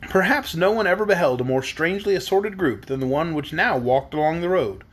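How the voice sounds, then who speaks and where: A man reads a children's storybook aloud at bedtime with a lively, expressive voice. His pitch is high and moves a lot. The tone is husky. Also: brisk. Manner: expressive, voicing the characters. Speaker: reader.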